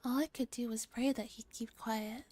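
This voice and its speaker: A young woman streamer reading a visual novel aloud in a soft, steady whisper, her speech with a valley-girl lilt. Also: a little high, moderate pace, dry recording, soft background music. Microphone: close ASMR microphone.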